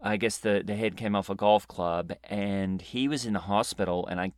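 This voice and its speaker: Man, low-pitched, deadpan improv storyteller, dry close mic. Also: moderate pace, dry recording. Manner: deadpan, rambling, hesitant with many restarts. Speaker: comedy podcast co-host. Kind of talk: improvised character comedy chat.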